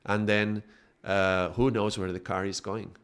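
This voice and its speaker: A man's voice: lowish voice, flat delivery, unhurried, a bit bright, smooth. A man giving a live spiritual talk, building extended metaphors and often checking in with tag questions. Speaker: spiritual teacher.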